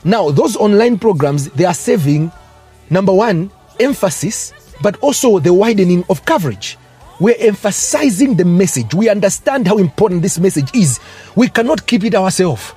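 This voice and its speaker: A man's voice: high voice, expressive, normal speed, warm tone, husky, soft background music. A man preaching a fervent sermon, breaking into tongues and rising exclamations.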